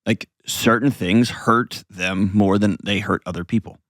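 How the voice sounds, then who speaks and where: A man's voice: on the low side, fairly even intonation, measured pace, a bit bright, dry recording, clean studio sound. A man hosting an advice show, explaining casually to a caller with acted-out examples and frequent "right?" checks.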